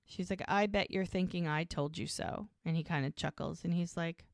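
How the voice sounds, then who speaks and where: A woman with a lowish voice talks through a TV episode on her podcast, retelling each scene and quoting the characters' lines as she goes. The sound is close and dry, with no room around it. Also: moderate pace, gravelly, hardly any pauses, no echo. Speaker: podcast co-host. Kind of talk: casual recap of a TV episode.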